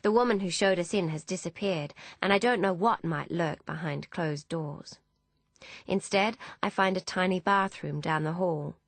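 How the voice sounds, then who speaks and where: A woman reading a first-person audiobook in a measured, even storytelling manner. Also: fairly low pitch, dry recording. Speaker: audiobook narrator.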